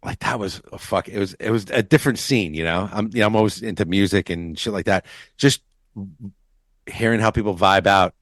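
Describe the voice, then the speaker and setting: A man's voice: lowish voice, fairly quick, no room sound, clean studio sound. A man hosting a podcast, rambling in a laid-back, profane chat.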